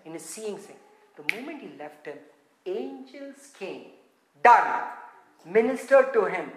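A woman preaching a sermon, animated and full of rhetorical questions, swinging from loud, excited stretches to quiet ones. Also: medium pitch, normal speed, echoey room, rough recording.

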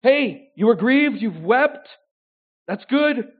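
Male pastor, sermon delivery, high-pitched, emphatic swells and hushed asides, tinny lo-fi recording. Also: expressive, slow. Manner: swings between loud emphatic declarations and quiet intimate asides. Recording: tinny phone-like sound.

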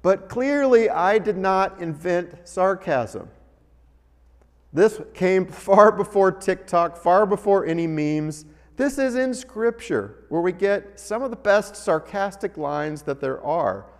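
A man preaching a sermon in a church, reading scripture and then speaking with wry, animated humor. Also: high-pitched, takes it slowly. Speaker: pastor. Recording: long hall reverb.

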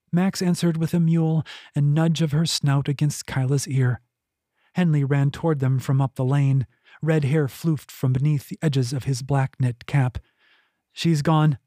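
A man reading his own fantasy novel aloud in steady, measured audiobook narration. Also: medium pitch, dry recording, clean studio sound.

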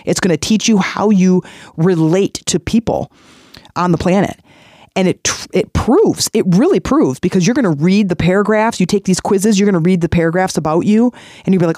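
A man's voice: high voice, moderate pace, a little mellow, no room sound, clean studio sound. A man in his forties hosting a podcast, giving earnest motivational self-help advice in a conversational way and repeating phrases for emphasis. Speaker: podcast host.

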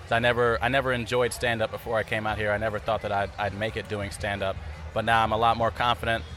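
A comedian from California speaking confidently and upbeat in an interview. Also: male voice, on the low side, flat delivery, fast talker, fairly bright tone, a little hiss or hum.

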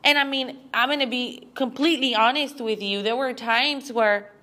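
Bright-voiced woman, halting and teary. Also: a little high. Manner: halting, with frequent restarts and fillers. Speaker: podcast host. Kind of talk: emotional personal monologue.

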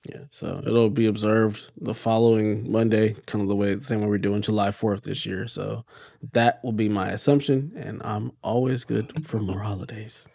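Low gravelly guy on a podcast, dark mellow tone, laid-back matter-of-fact talk. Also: steady tone, normal speed, no echo. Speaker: podcast co-host. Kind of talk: casual chat.

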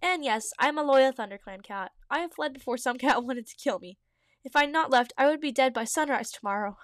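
A woman voicing an earnest young tomcat fleeing his clan, in a fan story read aloud, in an earnest, slightly lowered storytelling voice. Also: expressive, fairly quick, no room sound, clean studio sound.

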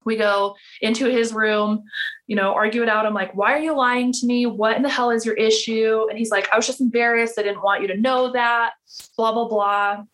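A woman's voice: fairly high pitch, flat delivery, moderate pace, a bit bright. Woman, 30s, podcast guest; casual storyteller who acts out the dialogue she quotes. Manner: chatty, many "like" fillers, acts out quoted dialogue.

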